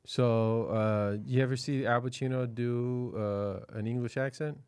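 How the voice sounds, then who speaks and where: A man's voice: medium pitch, fairly even intonation, unhurried, a little mellow, clean tone, no room sound, studio quality. A man co-hosting a podcast, laid-back and rambling, full of filler sounds as he brings up videos to show his co-host. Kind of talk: casual comedic chat.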